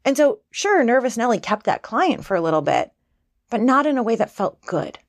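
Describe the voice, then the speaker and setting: A woman's voice: a little high, big pitch swings, moderate pace, dry recording. Casual woman coach, dry close sound. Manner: conversational, acts out quoted voices. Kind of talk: casual self-help talk.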